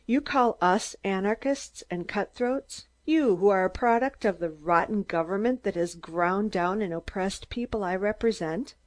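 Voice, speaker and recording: Shrill, ranting little man in staccato bursts, put on by a female audiobook reader. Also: unhurried, hardly any pauses, natural voice. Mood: indignant. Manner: screaming, staccato outbursts. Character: shrill, excitable small older man, a ranting agitator.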